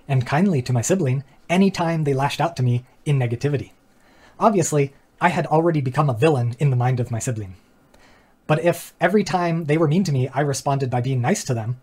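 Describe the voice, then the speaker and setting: With a highish, darkish voice and a breathy edge, a man hosts a philosophy channel. His talk is earnest and reflective, building rhetorical questions and stepping through diagrams, and it's sprinkled with casual asides, fillers and small laughs.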